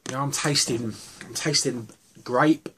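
A man's voice: mid-range voice, steady tone, measured pace, sharp tone, slight background noise. A man chatting casually through a vape juice review, rambling a little and poking fun at himself. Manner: chatty and self-deprecating, with rambling asides.

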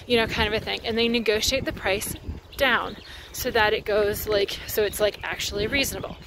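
A woman's voice: mid-range voice, steady tone, a little fast, noisy background. A woman walking outside while vlogging into her phone, talking in a rambling, heated, casual way with lots of fillers. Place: outdoors, walking.

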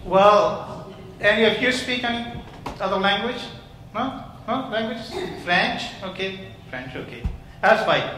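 Guy minister, slow bright voice, doing a kids talk with the congregation, big echoey church. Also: high voice, expressive, slight background noise. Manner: interactive, questioning the congregation. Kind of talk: children's talk in church service. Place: large church hall.

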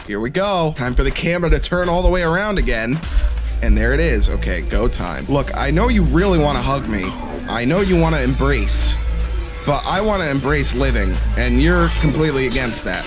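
A man's voice: mid-range voice, animated, brisk, music in the background. A young man giving joking, self-deprecating commentary while playing a horror game. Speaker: gaming YouTuber. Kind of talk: let's-play commentary.

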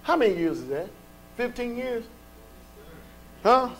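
A male pastor preaching a sermon in a colloquial, folksy way, firing off rhetorical questions and sometimes rising to shouts. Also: very high voice, sing-song, a little slow, soft background music.

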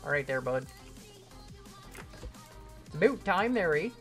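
A man putting on a high folksy Canadian buddy. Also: big pitch swings, a little slow, fairly bright tone, soft background music. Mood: chummy. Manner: drawling with "there, bud" and "eh".

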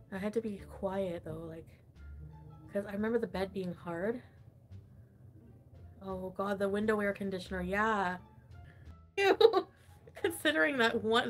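A woman livestreaming in casual, rambling chat, swearing freely and laughing often. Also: medium pitch.

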